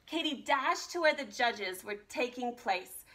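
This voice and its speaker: A woman art teacher reading a children's picture book aloud with an expressive, animated delivery. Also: a little high, a little slow. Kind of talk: storybook read-aloud.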